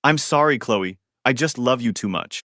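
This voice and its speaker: A man's voice: mid-range voice, expressive, normal speed, sharp tone, no echo, clean studio sound. A man voicing a scheming young man who whines and defends himself in a storybook reading. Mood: defensive.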